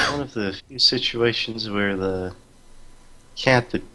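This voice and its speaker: A man's voice: on the low side, takes it slowly, sharp tone, poor audio. A man guesting on a gaming podcast, chatting casually in a playful, mischievous way.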